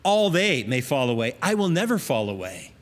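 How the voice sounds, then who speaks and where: A man's voice: mid-range voice, sing-song, moderate pace, long reverb tail, pitched below the performer's own voice, lightly acted. A man voicing an impulsive, boastful male disciple who protests insistently, quoted inside a sermon.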